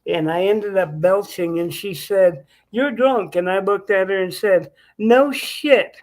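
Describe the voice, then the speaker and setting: A man with a notably high voice tells a casual, crude anecdote. He speaks at a relaxed pace, with plain, slangy phrasing. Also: a little slow. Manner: laid-back storyteller, crude slang. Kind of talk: casual storytelling chat.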